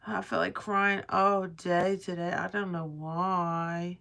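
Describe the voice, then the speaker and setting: Gravelly-voiced woman chatting on a livestream. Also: fairly low pitch, flat delivery, slow, hardly any pauses, a bit bright. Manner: rambling and profane, chatting to her viewers. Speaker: live streamer. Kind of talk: casual livestream chat to viewers. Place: at home, crafting.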